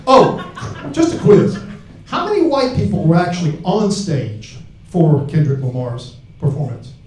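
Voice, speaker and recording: A man's voice: on the high side, big pitch swings, a little slow. A man from Alabama, doing a crude, brash stand-up set on a club stage with a handheld mic. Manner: crude, brash, shouting punchlines. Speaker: stand-up comedian. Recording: roomy club sound from far off.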